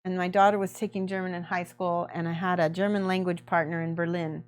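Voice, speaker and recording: A woman's voice: fairly low pitch, flat delivery, brisk. A middle-aged woman hosting a miniature painting livestream, chatting casually and laughing often as she greets viewers by name.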